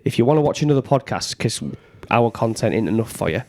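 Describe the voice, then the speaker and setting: A man from England co-hosting a podcast, chatting casually, telling stories with deadpan jokes and swearing freely. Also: mid-range voice, quick pace. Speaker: podcast co-host. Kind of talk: casual chat.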